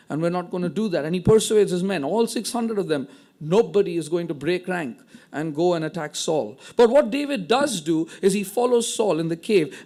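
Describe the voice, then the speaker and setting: High-voiced preacher retelling scripture. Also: male voice, darkish tone. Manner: retells scripture with dramatic quoted dialogue. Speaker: pastor. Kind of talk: sermon.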